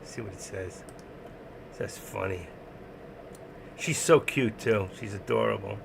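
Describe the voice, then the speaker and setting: A man with a New York accent hosts a casual live stream. His gravelly voice carries over a faint hiss of background noise. He talks bluntly, rambles and laughs often. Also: lowish voice, slow pace.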